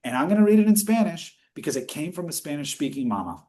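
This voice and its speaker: A man presenting research findings in a webinar discussion, energetic and explanatory, rushing through quoted questions. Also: on the high side. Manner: energetic, speeds up when quoting questions; teaching, explanatory.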